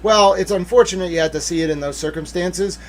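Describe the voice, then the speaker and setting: A man whose voice sits high talks fairly quickly while hosting a casual livestream. He goes through documents and banters playfully with his chat, chatty throughout and emphatic when excited.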